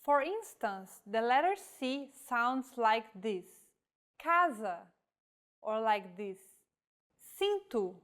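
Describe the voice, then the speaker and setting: Woman, language teacher, unhurried, slightly high voice, reads example words one by one. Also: animated, smooth. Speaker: Portuguese teacher. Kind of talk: slow scripted language lesson.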